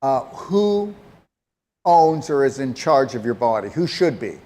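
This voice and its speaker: A man's voice: mid-range voice, very animated, a little slow, mellow. A man giving health advice to a caller, talking directly and emphatically and pressing her with pointed questions. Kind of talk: call-in advice talk.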